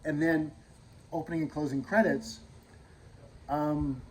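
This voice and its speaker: A channel host delivers a casual, rambling monologue packed with fillers and restarts, drifting between loud speech and muttered asides. His voice is on the high side, fairly even in intonation and a bit slow. The low-quality recording carries slight background noise.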